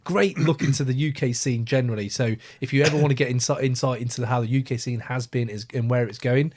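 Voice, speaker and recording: A man's voice: medium pitch, steady tone, quick pace, darkish tone. A man hosting a podcast in casual chat, enthusiastically hyping up his guest. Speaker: podcast host.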